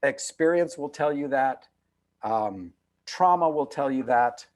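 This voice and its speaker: Over a video call, a man past fifty, an author appearing as a guest, speaks in a mid-range voice that is animated yet unhurried. His reflective interview talk is earnest and emphatic, and he repeats phrases to give them weight.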